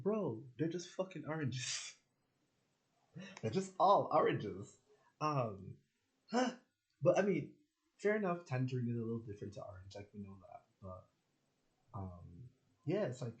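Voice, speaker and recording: A young man from Jamaica with a Jamaican accent, rambling casually and laughing as he jumps between topics. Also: medium pitch. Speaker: spiritual channel host.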